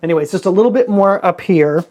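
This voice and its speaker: A man's voice: high-pitched, fast talker, darkish tone. A man in his forties chatting casually in a vlog, reviewing a hair product in a rambling, self-deprecating way. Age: 40s.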